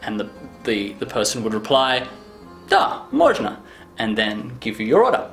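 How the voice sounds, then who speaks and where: A man giving a casual language lesson, jumping high in pitch when acting out example phrases. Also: steady tone, brisk, a bit bright, soft background music. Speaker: language teacher.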